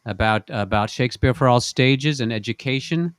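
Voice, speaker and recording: A man's voice: medium pitch, moderate pace, clear, resonant tone, no room sound, clean studio sound. A man hosting a casual online show, rambling and joking, often repeating words as he goes, over a video call. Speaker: host and singer.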